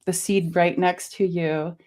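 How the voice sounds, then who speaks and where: A woman with a fairly low voice muses slowly about spiritual growth. She speaks hesitantly, with many ums, and clears her throat from a lingering cough. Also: fairly even intonation. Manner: soft-spoken, musing, many fillers. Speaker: co-host. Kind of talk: reflective spiritual talk.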